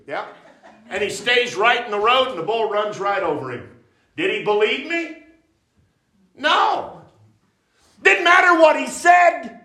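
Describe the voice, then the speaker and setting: A man preaching a revival sermon with emphasis and repetition, rising at times to sudden shouts. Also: very high voice, lively intonation, normal speed, long pauses. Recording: roomy church echo.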